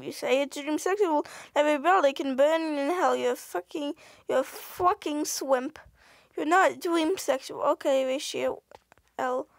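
A woman with a high voice reads posts aloud and reacts with sarcastic, exasperated remarks, often swearing. Her voice has a gravelly, fry-laden edge. The recording is dry and close, with no room echo. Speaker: commentator reading online posts. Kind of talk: reaction commentary.

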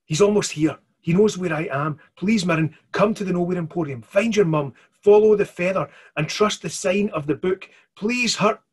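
A man's voice: high-pitched, moderate pace, few pauses, slightly rough, voice pushed up. A man doing a desperate pleading magician. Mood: urgent. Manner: urgent, pleading. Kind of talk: storybook reading.

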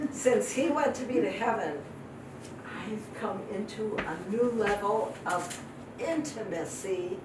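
An older woman giving a heartfelt testimony sermon as a missionary guest speaker, repeating phrases for emphasis. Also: mid-range voice. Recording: echoey hall from far off, noisy.

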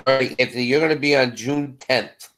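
A man's voice: mid-range voice, fairly even intonation, fairly quick, a bit bright. A man co-hosting a casual live stream, laid-back and laughing along while announcing the schedule. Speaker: co-host.

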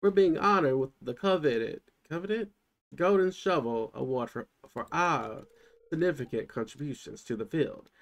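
A man's voice: a little high, moderate pace, close to an everyday voice. A man voicing a polite, formal male museum curator with a put-on accent. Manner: put-on accent, courteous and fussy.

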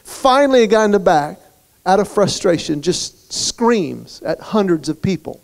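A man giving a humorous motivational speech, telling stories in an animated way to a luncheon crowd in a banquet hall. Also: high-pitched, unhurried, vocal fry. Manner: storytelling, animated. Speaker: guest speaker.

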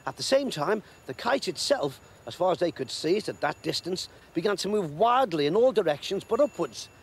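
A man reading a storybook aloud in an expressive, measured way. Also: sits high, vocal fry, a little hiss or hum.

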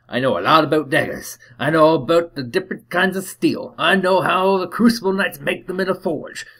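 A man's voice: a little high, a bit bright, pitched above the performer's own voice. A man putting on a Cockney street urchin boy. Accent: Cockney, put on. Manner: chattery, pleading, boastful. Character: scrappy homeless boy of seven, eager and wheedling.

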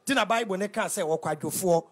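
A Ghanaian man hosting a radio talk show, preaching in an animated, sing-song way that often breaks into shouting. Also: high-pitched, fast. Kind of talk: lively preaching on radio, mixing local language with English. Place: radio studio.

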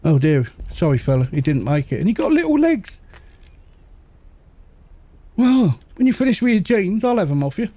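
A man casually commentating a game as he plays, muttering to himself and making quick jokes. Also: on the high side, very animated, warm tone, no echo. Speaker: gaming channel host. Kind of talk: casual let's-play commentary.

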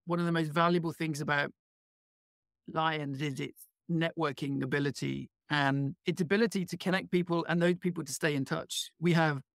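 A man's voice: a little high, steady tone, normal speed, vocal fry, a bit bright, dry recording, studio quality. A man with a British accent, a podcast guest explaining his work in a friendly, enthusiastic way. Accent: British English. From England. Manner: friendly, enthusiastic, fluent with small restarts. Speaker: guest, head of learning. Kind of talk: conversational interview answers.

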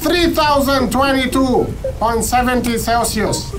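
High-voiced playful male gamer. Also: lively intonation, slow, noisy background. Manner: playful, dramatic, jokey. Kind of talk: playful game commentary. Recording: game music behind the voice.

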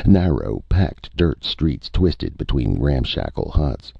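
A man reading a science fiction audiobook in a measured, expressive way. His voice is extremely deep and gravelly with a husky grain, lively in pitch. The recording is dry and dull, like lo-fi audio. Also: no echo. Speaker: narrator. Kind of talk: audiobook narration.

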